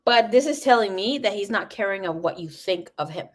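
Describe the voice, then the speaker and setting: A woman's voice: medium pitch, animated, fairly quick. A young adult woman giving a live tarot reading, talking frankly and swearing freely. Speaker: tarot reader.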